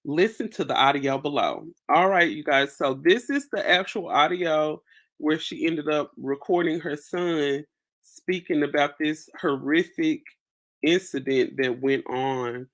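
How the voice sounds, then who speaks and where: A woman hosting a casual commentary show, recapping a story slowly with many fillers. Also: low-pitched. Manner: slow, filler-heavy reading and recapping. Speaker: host.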